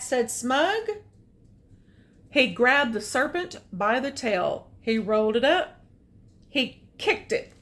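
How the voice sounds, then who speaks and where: An older woman reading a picture book aloud, adding gentle, chatty comments about the pictures. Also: a little high, expressive, takes it slowly, long pauses. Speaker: storyteller.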